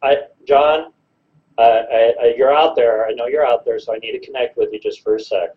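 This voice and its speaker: A man host in casual conversation, earnest and sometimes slowing his words. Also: mid-range voice, steady tone. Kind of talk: casual chat. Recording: dull, muffled sound.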